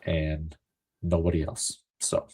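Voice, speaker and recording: A man's voice: a bass voice, completely flat delivery, slow pace, mellow, slight background noise. A man co-hosting a casual podcast chat, laid-back, tossing in dry, wry remarks. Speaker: podcast co-host.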